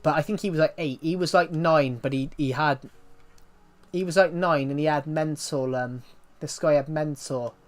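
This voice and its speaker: Speaking at a moderate pace in a fairly high voice, a young man hangs out on a live game stream. His stories ramble, and he keeps turning the joke on himself.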